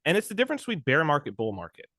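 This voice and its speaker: Animated man telling stories, lively pitch. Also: racing, dry recording, studio quality. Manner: animated storyteller who acts out other people's speech. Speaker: podcast guest. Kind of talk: casual conversation.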